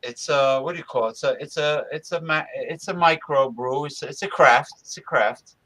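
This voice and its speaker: A man's voice: a little high, normal speed, fairly bright tone, rough recording. A man co-hosting a casual podcast, talking in an easygoing way and often repeating himself. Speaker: podcast co-host. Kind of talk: casual chat.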